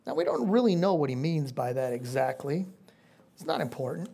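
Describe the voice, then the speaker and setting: A woman's voice: mid-range voice, brisk, darkish tone. Emphatic woman preaching a sermon. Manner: emphatic, repeats phrases for stress.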